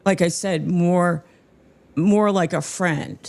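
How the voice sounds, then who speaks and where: A woman's voice: fairly low pitch, slow, gravelly, a little mellow. A woman in casual stream chat, speaking hesitantly and stammering as she restarts her sentences.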